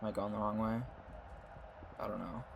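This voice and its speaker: A man's voice: lowish voice, level tone, normal speed, vocal fry. Male gamer reading and commenting, mild and earnest, over a faint background hum. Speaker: gaming streamer. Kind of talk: let's-play narration and character reading.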